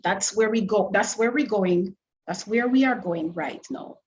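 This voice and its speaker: A woman's voice: medium pitch, a little mellow, highs cut off, slight background noise. A woman presenting an online food safety lecture, asking her audience many rhetorical questions and restarting phrases as she explains. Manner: careful, deliberate explaining with frequent restarts. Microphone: online webinar microphone.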